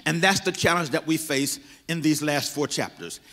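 A man's voice: fairly high pitch, moderate pace, pushed and bright. A man preaching a sermon as pastor, repeating and stressing his words as he builds emphasis. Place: church sanctuary. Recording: reverberant church hall.

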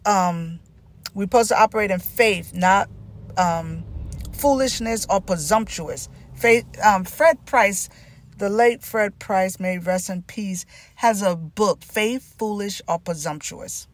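A middle-aged woman with a Southern US accent delivers an informal sermon. She talks slowly and deliberately, at a mid pitch. She drives points home by repeating them. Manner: emphatic, repetitive, preachy. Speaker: Christian teacher.

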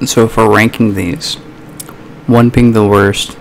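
A man with a lowish, gravelly voice chats loosely as a video vlogger running an eating sound challenge. His talk is relaxed and conversational. A faint hiss sits under the recording. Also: measured pace. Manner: chatty, casual, drops into a mock whisper at times. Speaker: YouTube vlogger. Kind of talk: casual ASMR eating challenge vlog. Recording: faint background noise.

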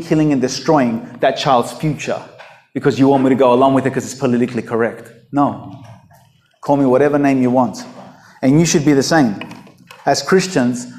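A man's voice: mid-range voice, a little mellow, reverberant. A man preaching an unscripted sermon in a blunt, emphatic way, throwing out rhetorical questions.

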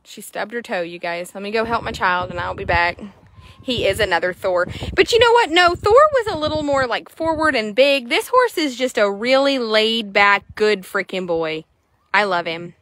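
A woman, chatting excitably to viewers while showing a horse for sale in an arena. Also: mid-range voice, moderate pace. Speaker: horse seller. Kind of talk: casual sales chat while riding.

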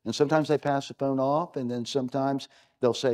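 Brisk and steady, the darkish, mid-range voice belongs to a middle-aged keynote speaker from the United States. He addresses an event from the stage in a punchy, emphatic way, leaning heavily on rhetorical questions.

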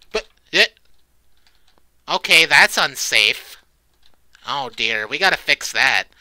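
Jumpy cursing man, bright tense voice. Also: fairly high pitch, clear, resonant tone, no echo. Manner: jumpy, swears often, shrieks when startled. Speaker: let's play creator. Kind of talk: horror game commentary.

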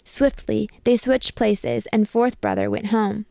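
A woman reading a picture book aloud with measured, expressive storytelling. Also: on the high side, gravelly, dry recording, studio quality. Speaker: storybook reader.

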